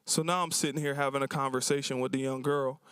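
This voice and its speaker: A man's voice: mid-range voice, fairly even intonation, fast, fairly bright tone, clean tone, no echo. A man who runs a cafe, speaking at a symposium and telling stories about his customers in a casual, colloquial way, acting out their lines. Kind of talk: storytelling talk to an audience. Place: university symposium event.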